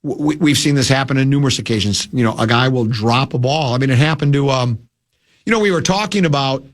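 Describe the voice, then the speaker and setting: A man hosting a sports talk radio show, sounding lower than usual from a cold, rambling and restarting his sentences. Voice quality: usually whiny and nasal.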